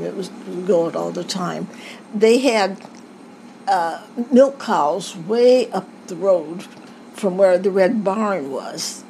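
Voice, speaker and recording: Older woman, family memories, halting, restarts, mid pitch. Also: vocal fry, warm tone, slight background noise, rough recording. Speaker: interviewee. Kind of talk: family oral history recollection.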